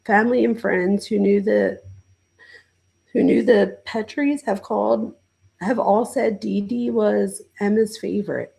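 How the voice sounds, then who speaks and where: A woman's voice: mid-range voice, steady tone, unhurried, creaky, warm tone, breathy edge, poor audio. A woman hosting a casual livestream. She talks straight to her viewers in a chatty way, full of "like" fillers. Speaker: host and professor reading live chat.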